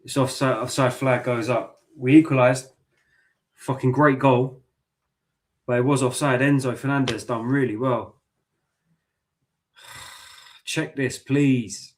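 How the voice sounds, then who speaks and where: A man watching a football match live with his viewers, talking to the players and the referee and swearing often. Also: medium pitch. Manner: excitable, swears a lot, talks to the players and ref. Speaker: football fan streamer.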